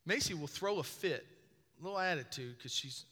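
A man's voice: on the high side, expressive, brisk, bright, forceful tone, slightly rough. A man preaching a sermon as a pastor, conversational and joking, often putting questions to the congregation. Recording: long reverb of a large hall.

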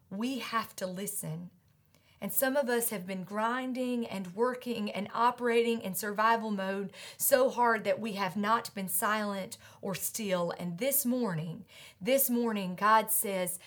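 Woman pastor, sermon delivery, emphatic refrains, mid pitch. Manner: emphatic, repeats refrains slowly, drops to a whisper.

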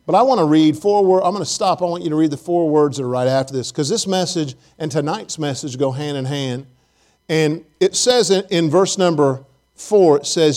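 A male pastor delivering a casual, storytelling sermon in a slightly high voice. He jokes, asks the congregation questions and keeps things friendly and loose. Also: moderate pace, darkish tone. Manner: conversational, joking, speaks straight to the congregation. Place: church service.

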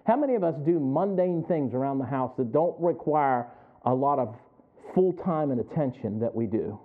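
A middle-aged male preacher with a fairly high voice delivers a chatty sermon. He chuckles as he goes and keeps calling out to the congregation for an answer. The sound is thin and tinny, like it came down a phone line. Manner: conversational, chuckling, asks the congregation for responses.

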